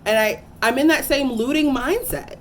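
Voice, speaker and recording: A woman's voice: high voice, slight background noise. Earnest woman telling a personal story. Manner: earnest and emotional, halting with many fillers and restarts. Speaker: teacher.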